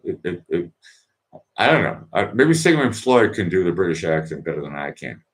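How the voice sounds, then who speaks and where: A man hosts a late-night music request livestream. He rambles and chats, restarting his sentences and wandering into asides. His voice sits low but swings widely up and down. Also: very animated, normal speed. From Boston, USA. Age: 50s. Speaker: host of an online music request show.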